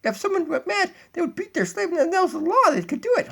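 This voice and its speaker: A man's voice: extremely high pitch, very animated, fast, vocal fry, fairly bright tone, pitched above the performer's own voice, full character voice. A man voicing a bossy female puppet dog who calls herself empress, rambling and giddy with laughs, recorded on a tablet in a home kitchen. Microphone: tablet built-in mic.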